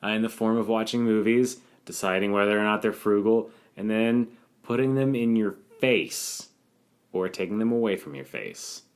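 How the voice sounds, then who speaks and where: A man with a very deep voice co-hosting a comedy podcast. He talks in a deadpan, rambling way, spinning silly bits. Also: moderate pace. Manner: deadpan jokey, rambling riffs. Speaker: podcast co-host. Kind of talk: casual comedic chat.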